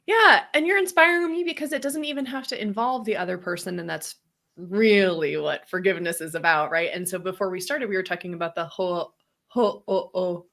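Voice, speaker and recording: Animated woman co-hosting a reflective chat. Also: a little fast. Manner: animated, acts out quoted voices with big pitch jumps, laughs often. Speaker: podcast co-host. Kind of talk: casual reflective conversation.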